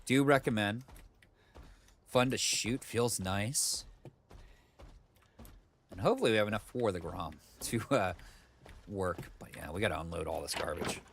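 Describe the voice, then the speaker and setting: A man with a lowish voice streams a video game from his computer, rambling casually with lots of fillers and side comments. He talks into a desk mic, with faint keyboard clicks in the background. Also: measured pace, creaky, long pauses, slight background noise. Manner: rambling, chatty, full of fillers and asides. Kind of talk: casual let's-play commentary.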